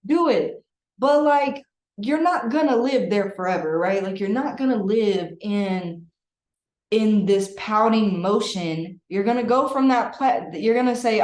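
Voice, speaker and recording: In a roomy, echoing space, a female energy healer leads a client through a spiritual session with breathy, laughing, playful coaching. Her mid-range voice is expressive and a little mellow, and she keeps a measured pace.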